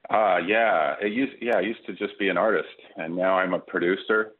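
A man, a comedian calling in early in the morning with a groggy voice, talking haltingly and with jokes. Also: low-pitched. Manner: halting, self-interrupting, joking. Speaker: comedian guest. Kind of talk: casual phone interview. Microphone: telephone. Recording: tinny phone line.

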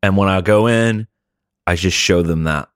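Man, 30s, low and relaxed, dry close mic, casual chat. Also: moderate pace, clean tone, no echo.

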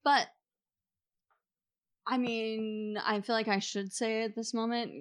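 A woman's voice: on the high side, level tone, takes it slowly, smooth. A woman on a panel, thinking aloud with many fillers and some laughter. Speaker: panel guest, author. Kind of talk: casual panel answer.

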